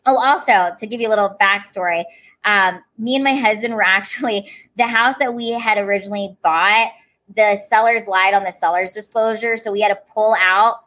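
Bright, animated woman telling stories. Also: medium pitch, normal speed. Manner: animated, acts out quoted voices. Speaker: comedian guest. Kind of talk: casual storytelling interview.

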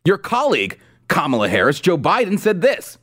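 A man's voice: a little high, wildly swooping pitch, normal speed, a bit bright. A man hosting a political commentary show with a sarcastic, mocking manner. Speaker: host. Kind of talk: political commentary with a sponsor read.

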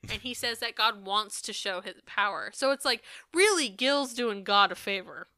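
A woman's voice: medium pitch, moderate pace, dry recording, clean studio sound. A young woman co-hosting a podcast in casual chat, ranting with sarcasm and swearing freely. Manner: sarcastic and profane, animated ranting. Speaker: podcast co-host.

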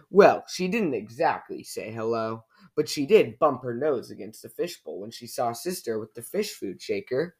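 A man reading a children's storybook aloud in a gentle, unhurried way. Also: medium pitch.

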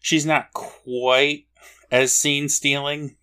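A man's voice: a little high, flat delivery, takes it slowly, bright, forceful tone, clear, resonant tone. A man co-hosting a podcast, chiming in with short, dry, teasing remarks. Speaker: podcast co-host. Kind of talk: casual chat.

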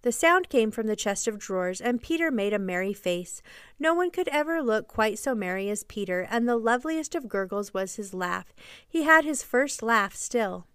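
A woman narrating a classic children's story as a podcast storyteller, gently and evenly paced. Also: fairly high pitch, animated, normal speed, smooth, dry recording, clean studio sound.

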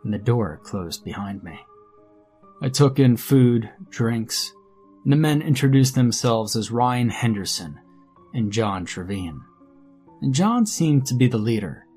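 A man narrating a first-person horror story in a measured, grim storytelling manner. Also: mid-range voice, expressive, a little mellow. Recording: faint background music under narration.

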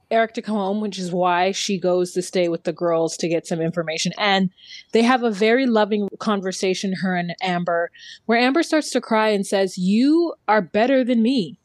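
A woman talks through a TV episode in loose, opinionated podcast chat, leaning on "like" as she goes. Her voice sits at an ordinary middle pitch. The sound is dry and close, with no room around it. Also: moderate pace, no echo. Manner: chatty, opinionated, heavy use of "like". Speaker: podcast co-host. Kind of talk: casual TV recap chat.

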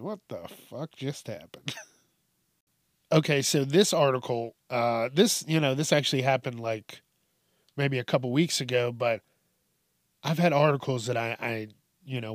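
A man's voice: medium pitch, measured pace, no echo, studio quality. Profane, laughing man riffing on news. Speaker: news commentary host. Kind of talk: casual comedic news commentary.

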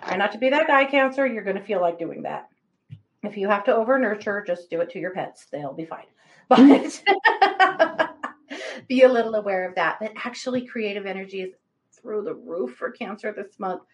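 A woman co-hosting a livestream, giving chatty, animated astrology readings and laughing often. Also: medium pitch, normal speed, rough recording. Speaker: psychic reader, co-host.

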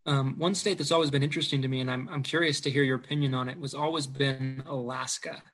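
Brief: male guest agent, casual chat, middle pitch, hesitant, thinks out loud. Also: steady tone, fast talker.

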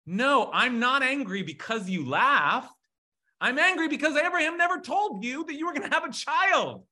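A man's voice: high-pitched, wildly swooping pitch, very slow, sharp tone, full character voice. Man voicing an exasperated, indignant God. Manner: indignant, exclamatory. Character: exasperated God scolding, male, all-powerful.

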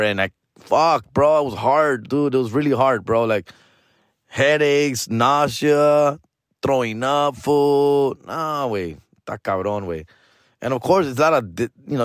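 A man's voice: medium pitch, no room sound, studio quality. Profane, rambling man. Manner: rambling, profane, mixes Spanish slang into English. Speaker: comedian and podcast host. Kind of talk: casual chat.

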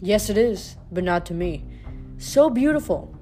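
A woman reading aloud, voicing a weary, brooding male god of the dead who speaks slowly and sighs. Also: mid-range voice, animated, dark tone, soft background music, close to an everyday voice. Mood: melancholy. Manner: slow, sorrowful, sighing.

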